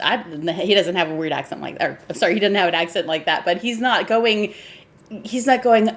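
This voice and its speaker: A woman's voice: mid-range voice, brisk. Laughing woman podcast co-host. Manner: animated, laughing, acts out quotes. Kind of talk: casual film discussion.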